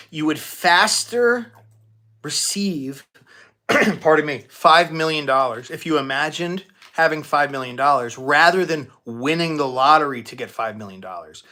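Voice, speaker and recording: A man hosting a live-stream Q&A as a manifestation coach, talking casually with many restarts and fillers and thanking donors excitedly. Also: mid-range voice. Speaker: manifestation coach and livestream host. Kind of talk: live-stream Q&A, answering viewer questions.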